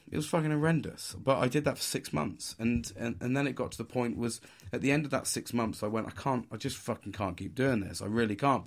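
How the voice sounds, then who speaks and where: A man, telling stories casually and swearing a lot. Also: on the low side. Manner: swears a lot, puts on mock posh voices. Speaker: podcast host. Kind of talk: casual storytelling.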